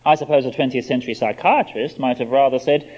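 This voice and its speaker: Speaking quickly in a medium-pitched, darkish voice, a man preaches a sermon that emphatically explains a scripture passage. It's a dull, lo-fi recording.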